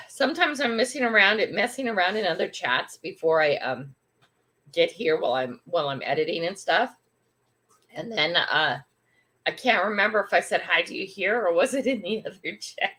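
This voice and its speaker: A woman's voice: mid-range voice, a bit bright, slightly rough. An older woman hosting a casual morning livestream from home, chatting, greeting viewers by name, and laughing often. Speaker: livestream host.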